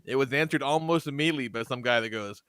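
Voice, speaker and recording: A man hosting a podcast, telling profane, animated stories in casual chat and laughing often. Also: medium pitch, quick pace, clean tone, no room sound. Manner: profane, animated storyteller who laughs a lot. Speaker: podcast host.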